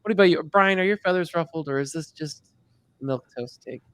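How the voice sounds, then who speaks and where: A man co-hosting a podcast in casual chat, teasing and rambling with animated shifts. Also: on the high side, brisk, clean tone. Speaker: podcast co-host.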